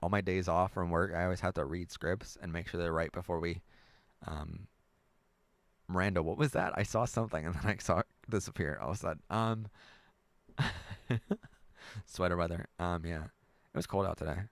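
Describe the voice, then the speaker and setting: Chatty man with a low voice. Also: normal speed, pauses often, no room sound. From United States. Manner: rambling, chatty, laughs often. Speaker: live stream host. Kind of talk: casual live chat reading viewer comments.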